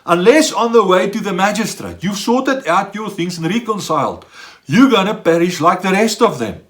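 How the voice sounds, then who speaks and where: A man preaching a sermon, animated, acting out the dialogue of the people he describes. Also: high-pitched, moderate pace. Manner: animated, acts out dialogue in quoted voices. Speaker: pastor.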